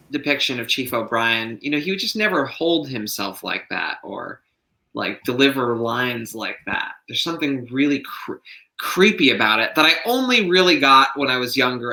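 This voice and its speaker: A man's voice: medium pitch, pushed and bright. A man co-hosting a casual podcast discussion, thinking aloud with lots of fillers. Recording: roomy echo.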